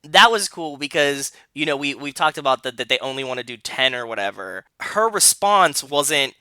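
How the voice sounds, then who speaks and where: An excitable man co-hosts a podcast, talking fast and loose with plenty of swearing. His voice is strikingly bright and lively, and it rises and falls widely. The sound is dry and close to the microphone. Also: mid-range voice, no room sound. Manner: animated, swears freely, acts out quoted voices. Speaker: podcast co-host. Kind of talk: excited casual chat.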